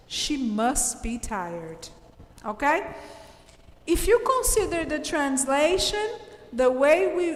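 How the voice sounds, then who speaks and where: A woman teaches an English grammar lesson, speaking slowly and stressing her points. Her voice sits high, and the recording sounds roomy with a long echo and faint ambience behind her. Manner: emphatic, explains slowly with checks of "okay?". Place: classroom.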